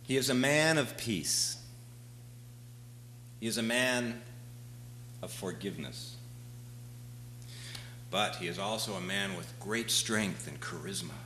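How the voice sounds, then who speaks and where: Brief: male stage storyteller, dramatic swings from quiet to shouting, bright, edgy tone. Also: lowish voice, slight background noise, rough recording. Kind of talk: live stage monologue. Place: small theater stage.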